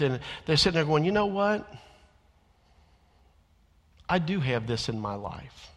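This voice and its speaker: Earnest preacher in a reverberant church. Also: male voice, mid-range voice. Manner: earnest, swings from loud emphatic to quiet confessional. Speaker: minister. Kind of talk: sermon.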